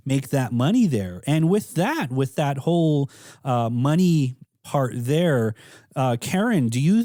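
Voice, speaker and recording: Male co-host, unhurried, dry sound, blunt. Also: mid-range voice, warm tone, dry recording. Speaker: podcast co-host. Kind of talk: casual podcast chat.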